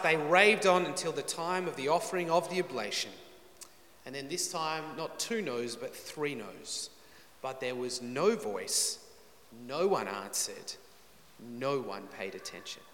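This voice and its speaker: A man preaches, reading Bible verses with drama and breaking off for dry, joking asides. His voice is slightly high and bright, with a forceful edge. The sound is roomy, with a long hall reverb. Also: slight background noise. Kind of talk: expository sermon.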